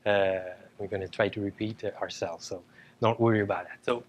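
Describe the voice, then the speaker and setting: A man's voice: lowish voice, steady tone, brisk, highs cut off. A man with a Quebec French accent, a native French speaker, giving a joking, chatty conference talk with many fillers. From Quebec, Canada. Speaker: agile coach, conference speaker. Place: conference stage before an audience.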